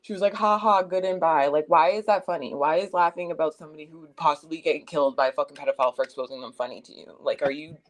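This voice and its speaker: A woman's voice: low-pitched, fast talker, hardly any pauses. A young adult woman hosting a stream, retelling a chat argument in a casual, heated way with lots of swearing and emphasis. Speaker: streamer host.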